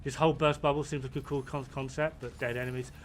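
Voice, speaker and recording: A man's voice: mid-range voice, level tone, fast talker, a little hiss or hum. A man giving rambling, amused commentary while he plays a video game. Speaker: gaming streamer. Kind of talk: casual commentary while playing.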